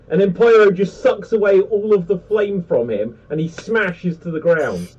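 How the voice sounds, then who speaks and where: A man's voice: sits high, unhurried, husky. Rambling chatty man, lo-fi distant mic. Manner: rambling, animated, many fillers. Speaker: panelist on a geek pop-culture show. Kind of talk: casual chat.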